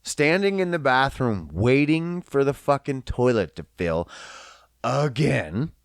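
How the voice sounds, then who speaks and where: A man hosting a podcast, delivering a casual comedic rant full of profanity in an animated, mocking way. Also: mid-range voice, dry recording, studio quality. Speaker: podcast host.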